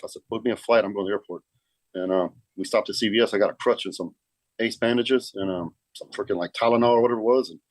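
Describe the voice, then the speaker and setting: A man's voice: lowish voice, no echo. A middle-aged man, telling a story in a casual, profane way and saying "man" a lot. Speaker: guest, pro bodybuilder.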